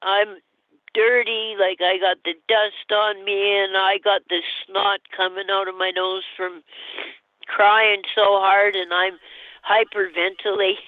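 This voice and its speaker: A woman calling in to a show, telling a personal story in a halting, rambling way with nervous laughs. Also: medium pitch, level tone, no echo. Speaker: caller. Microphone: telephone. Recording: tinny phone line.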